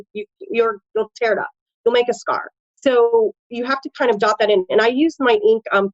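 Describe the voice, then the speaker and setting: A woman with a Midwestern American accent, who works as a tattoo artist and a nurse, talks casually in an interview, chatty and animated with plenty of fillers. Her voice is fairly high, and the audio sounds dull with no room sound.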